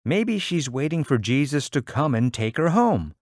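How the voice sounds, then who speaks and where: A man's voice: fairly high pitch, very animated, normal speed, no room sound, studio quality, voice pushed up. A man reading aloud, voicing a bold seven-year-old girl who teases and insists. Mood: teasing. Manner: teasing, insistent.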